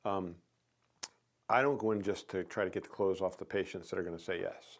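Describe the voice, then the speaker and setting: Low-voiced man coaching on sales. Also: fairly quick. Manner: animated storyteller, acts out quoted lines. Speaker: chiropractic sales consultant. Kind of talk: casual coaching talk.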